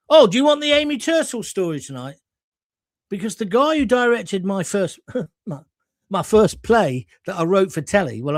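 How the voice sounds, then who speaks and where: Middle-aged male host, animated raconteur, bright high pitch, dry close sound. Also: dry recording. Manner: chatty, animated storyteller. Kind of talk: live show anecdote chat.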